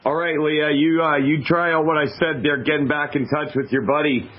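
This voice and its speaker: A man's voice: fairly high pitch, steady tone, normal speed. A man hosting a call-in radio show, easygoing and joking with callers. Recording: dull, muffled radio audio.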